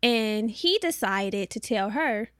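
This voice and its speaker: A woman co-hosting a podcast, telling a story in animated, slangy casual talk. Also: a little high, slow, no echo, clean studio sound. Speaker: podcast co-host.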